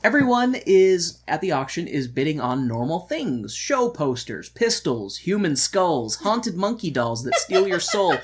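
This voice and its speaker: A man's voice: on the high side, very animated, a little slow, few pauses, a little hiss or hum. A man co-hosting a podcast, chatting casually and joking with sarcastic asides and frequent laughs. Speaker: podcast co-host. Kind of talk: casual chat reacting to a musical.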